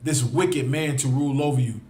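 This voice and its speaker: A man's voice: mid-range voice, normal speed, dark tone. Impassioned preacher man, echoey. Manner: impassioned, repeats phrases, addresses listeners directly. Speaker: street preacher. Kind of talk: heated preaching to a livestream.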